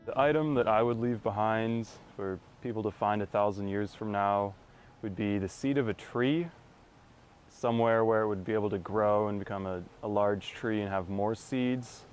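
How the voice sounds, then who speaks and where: Brief: man, thoughtful casual talk, low voice, pauses. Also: a little hiss or hum.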